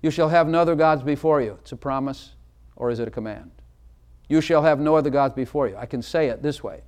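A man's voice: fairly high pitch, a little fast, darkish tone. A man preaching a sermon in a church, emphatic and asking the congregation direct questions. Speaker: pastor.

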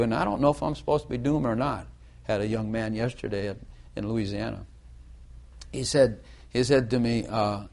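A middle-aged male preacher talking through a sermon in an easygoing, rambling manner. He circles back on himself, restarts phrases and throws in asides as he goes. His pitch sits in the ordinary middle range for a man.

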